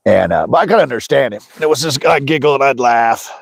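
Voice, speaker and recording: A man's voice: mid-range voice, lively intonation, fairly quick, vocal fry, hardly any pauses, husky, no room sound. A middle-aged American man hosting a fishing livestream outdoors, chatting loosely with his viewers and laughing often. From USA. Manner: rambling, talks to chat, laughs often. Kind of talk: casual livestream chat. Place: outdoors by a lake in the snow.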